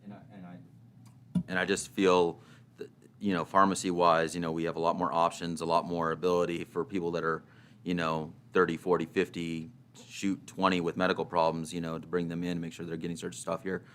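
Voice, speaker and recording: Man, very deep voice, earnest, hesitant, council member. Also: little pitch movement, fairly quick, fairly bright tone, a little hiss or hum. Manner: earnest, hesitant, many fillers. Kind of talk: council discussion.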